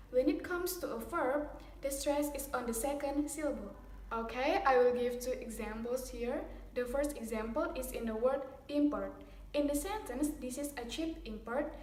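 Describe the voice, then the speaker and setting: A woman student presenting a scripted phonetics lesson, reading example sentences in a steady, explaining tone. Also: high voice. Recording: roomy, distant from the mic.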